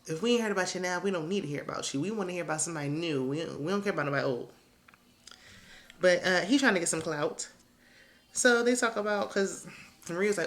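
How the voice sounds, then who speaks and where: A woman's voice: medium pitch, animated, moderate pace, pauses often, a bit bright. A woman recapping a reality show in a casual, gossipy way, with sassy asides and frequent laughter. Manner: sassy, chatty, laughs often.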